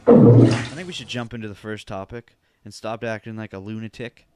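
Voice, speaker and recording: Speaking at normal speed in a voice on the low side, a podcast host goes solo from his home basement. He's animated, profane, and joking, working a studio mic with headphones on.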